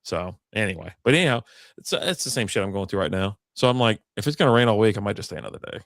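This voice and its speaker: A man's voice: lowish voice, expressive, a bit bright, dry recording, clean studio sound. Rambling, profane man on a live show. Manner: rambling, swears casually, quick asides. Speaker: podcast co-host. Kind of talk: casual live-stream chat.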